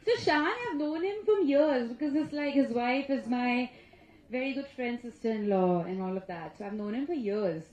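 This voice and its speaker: A woman, an actress at a press conference, telling stories in an animated, chatty way and often laughing and restarting. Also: on the high side, moderate pace. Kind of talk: casual press-conference storytelling. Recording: echoey, slightly dull press-room sound.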